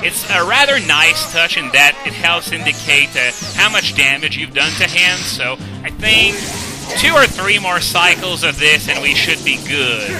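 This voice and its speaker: Video game music plays as a young man gives relaxed, chatty let's-play commentary, often saying "uh" and "um" and putting himself down. His fairly high voice is animated and measured in pace, and the recording quality is low.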